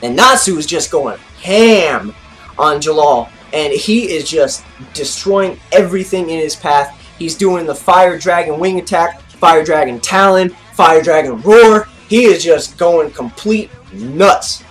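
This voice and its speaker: Man anime review host, fairly high voice, excitable recap full of "like"s, faint music underneath. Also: unhurried. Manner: excitable, heavy use of "like"; gestures with his arms while talking. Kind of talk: casual episode recap.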